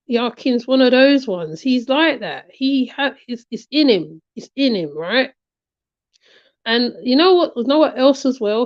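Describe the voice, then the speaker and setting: A woman's voice: a little high, no echo. A woman giving casual reaction commentary, emphatic and repetitive, often checking in with "right?". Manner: emphatic, repeats her points, asks "right?" often. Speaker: commentary channel host. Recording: dry, slightly muffled lo-fi recording.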